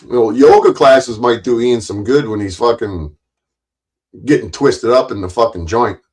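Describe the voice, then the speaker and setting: A man's voice: mid-range voice, measured pace, darkish tone. A man hosting a livestream, ranting angrily and sarcastically, swearing constantly and repeating his points for emphasis. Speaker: livestream host. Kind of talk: profane livestream rant.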